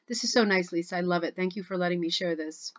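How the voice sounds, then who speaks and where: A woman's voice: on the low side, fast. Chatty gushing lady going on about craft posts at home, kinda dull muffled sound. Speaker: rug hooking club host. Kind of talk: casual chat reviewing social media posts.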